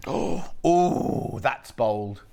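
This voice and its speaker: A man's voice: medium pitch, expressive, extremely slow, creaky, dark tone. A man presenting on a live shopping channel, chatting, gushing over fabrics and joking with the crew behind the camera. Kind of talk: live TV sales chat. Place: TV studio.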